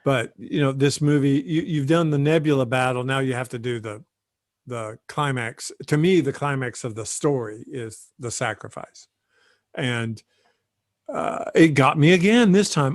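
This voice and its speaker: A man's voice: medium pitch, dry recording, clean studio sound. Enthusiastic man discussing a film. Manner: enthusiastic, retells scenes and quotes lines. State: choked up with emotion. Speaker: podcast co-host. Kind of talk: casual movie discussion.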